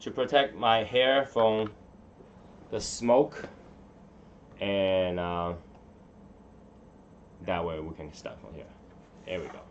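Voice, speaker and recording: A man's voice: deep voice, fairly even intonation, slow, pauses often, muffled recording, slight background noise. A man hosting a casual live stream, rambling and muttering to himself as he fiddles with his settings in a room at home. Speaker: livestream host.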